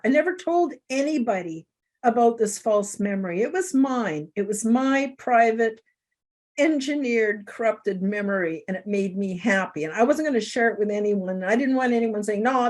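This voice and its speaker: A woman's voice: mid-range voice, expressive, moderate pace. A middle-aged woman hosting a talk show, telling a personal story in an earnest, emotional way. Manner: earnest, emotional, tearful at times. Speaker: show host.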